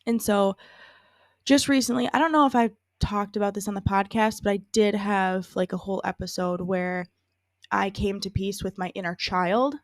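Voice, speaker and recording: A woman's voice: medium pitch, steady tone, normal speed, no room sound. A woman in her late twenties, co-hosting a podcast in easygoing, rambling chat and laughing easily. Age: 20s. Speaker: podcast co-host. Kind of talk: casual chat.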